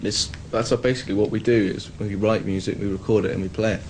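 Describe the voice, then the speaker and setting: A man's voice: lowish voice, fast talker, slight background noise, poor audio. A young man in his twenties, a band member, chatting candidly and wryly in a casual interview. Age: 20s. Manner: relaxed, candid and wry.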